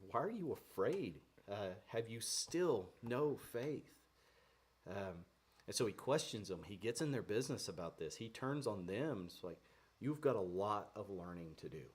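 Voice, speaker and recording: A man teaches a devotional in a relaxed, conversational way. He speaks earnestly, often pausing with fillers and restarting phrases. His voice sits somewhat low. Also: husky.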